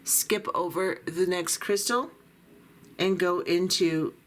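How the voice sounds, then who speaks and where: A woman with a slightly low voice talks a viewer through a beading project step by step. She is middle-aged or older and speaks in a patient, practical way while her hands stay busy with the work. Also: fairly even intonation, takes it slowly. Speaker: beading tutorial host. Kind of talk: step-by-step craft instruction.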